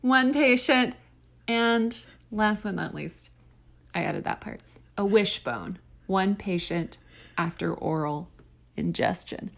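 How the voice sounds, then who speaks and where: A woman co-hosting a casual podcast, reading aloud with playful, drawn-out comic emphasis. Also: medium pitch, creaky. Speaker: podcast co-host.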